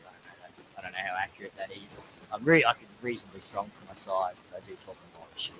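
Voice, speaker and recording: A man in his thirties with an Australian accent, a viewer chatting lively and jokingly on a live stream over a webcam. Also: low voice, fast talker, a little hiss or hum, poor audio. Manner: lively, joking, says mate a lot. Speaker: guest viewer. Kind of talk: casual live-stream chat.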